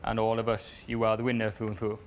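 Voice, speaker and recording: A young man, a reality show contestant, reading a family letter aloud, halting and stumbling over words. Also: on the low side, completely flat delivery, slight background noise. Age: young adult.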